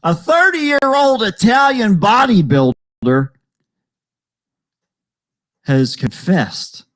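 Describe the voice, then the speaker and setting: A man's voice: sits high, very animated, drawn-out words, fairly bright tone, dry recording. A man co-hosting a casual comedy talk show, reading out news stories with lots of fillers and jokes. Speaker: podcast co-host.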